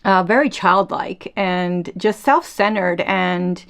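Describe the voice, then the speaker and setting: A woman hosting a casual faith podcast, retelling a Bible story in a chatty, animated way and acting out the quotes. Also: lowish voice, takes it slowly, vocal fry. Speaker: podcast host.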